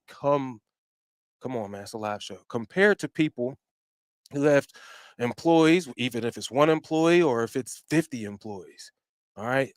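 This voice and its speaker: Pumped-up guy hosting a podcast, slangy, loud then quiet, kinda high voice. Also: dry recording. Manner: hyped, slangy, swings from loud to low asides. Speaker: podcast host. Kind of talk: energetic solo podcast shout-outs.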